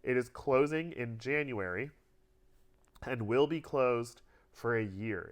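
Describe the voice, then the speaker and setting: A man's voice: mid-range voice, fairly bright tone. A man hosting a podcast in casual chat, reading out park news with a chatty, self-teasing manner. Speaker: podcast host.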